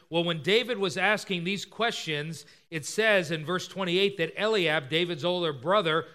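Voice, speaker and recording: A male preacher delivers an expository sermon in a high voice. His tone is bright and forceful. He retells scripture and briefly acts out its characters' lines. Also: normal speed, hardly any pauses.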